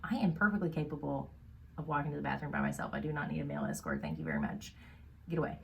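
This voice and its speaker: A woman's voice: deep voice, lively intonation, rapid-fire, creaky, a little hiss or hum, voice pushed down. A woman voicing an indignant young heroine, huffy and clipped as she refuses help.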